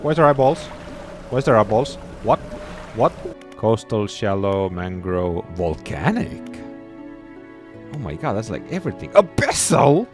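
A man giving loud, excitable gameplay commentary that swears and shouts when something startles him. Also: fairly low pitch, a little slow, long pauses, faint music behind. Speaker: gameplay streamer.

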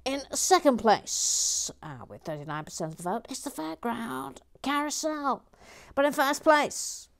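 A woman hosting a relaxed building video, chatting casually and often dropping to a whisper. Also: high-pitched, a little slow. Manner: chatty, often drops to a whisper, rambling asides. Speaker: host.

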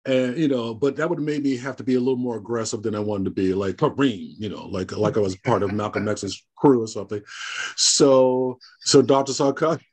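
A man from the American South, guest on an interview, telling lively stories and acting out the people in them. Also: mid-range voice, a little fast. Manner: animated storyteller, laughs often, acts out quoted dialogue. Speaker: guest, horror host. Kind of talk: casual interview storytelling.

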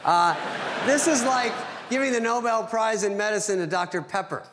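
A middle-aged man delivers a dry, deadpan roast into a stage microphone. His voice is somewhat high for a man. The room is a large reverberant hall, and the live recording is noisy. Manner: dry, deadpan, pausing for punchlines. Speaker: comedian roasting a friend. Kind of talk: stand-up roast speech. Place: theater stage at an award ceremony.

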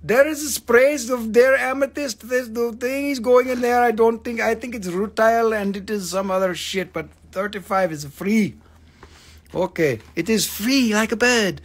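A man hosting a live stream that sells crystals, talking in an excitable, joking, profane and rambling sales patter. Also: sits high, moderate pace.

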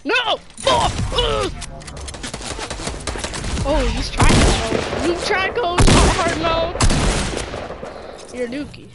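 A woman's voice: very high-pitched, big pitch swings, very slow, long pauses. A woman giving casual gameplay commentary, playfully trash-talking an opponent. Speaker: gamer. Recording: loud background noise, gunfire.

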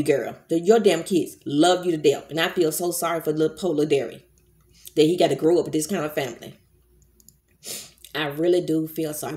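A low-pitched middle-aged woman speaks straight into her camera in a fired-up vlog rant. Her talk is blunt and full of cursing, scolding someone directly and then checking in with her viewers. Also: darkish tone. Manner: heated, profane, scolding, addresses viewers as y'all. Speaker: vlogger. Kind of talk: angry commentary rant to camera.

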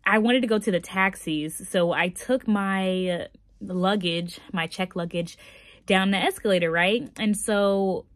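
A young woman telling a funny travel story to her phone camera, animated and full of fillers. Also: medium pitch, unhurried, dry recording, clean studio sound. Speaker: vlogger.

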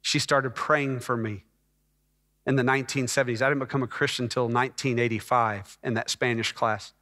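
A middle-aged pastor from Texas preaching a sermon as a personal testimony, emotional and rising to fervent peaks. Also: male voice, medium pitch, fairly even intonation, a little fast, sharp tone. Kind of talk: sermon storytelling. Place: church sanctuary. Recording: church hall reverb.

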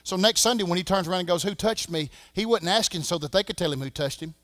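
Southern pastor guy preaching in church, high voice, dry sound, loud then quiet. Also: quick pace, no echo. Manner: preaching with swings from shouting to hushed. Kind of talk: sermon. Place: church sanctuary.

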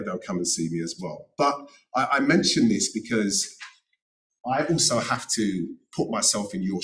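On a careers-event panel, a middle-aged notary and former solicitor gives earnest, emphatic advice, repeating points to drive them home. His lowish, fairly bright voice sounds distant, picked up a little way off the microphone.

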